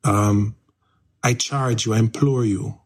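A man's voice: on the low side, slow pace. A man, a pastor and radio guest, earnestly urging listeners to draw closer to God. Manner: earnest, steady preaching.

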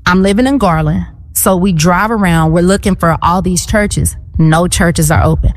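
Animated woman telling her testimony. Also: on the low side, normal speed, big-room sound. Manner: animated storyteller, acting out quotes. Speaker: guest. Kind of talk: testimony in a conversational interview.

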